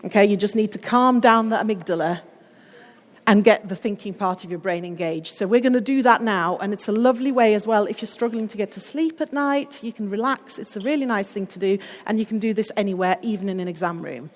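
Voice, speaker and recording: A middle-aged woman giving a wellbeing talk to a school group, upbeat and encouraging, slowing to a soothing pace when guiding breathing. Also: medium pitch, long reverb tail. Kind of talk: guided class activity talk.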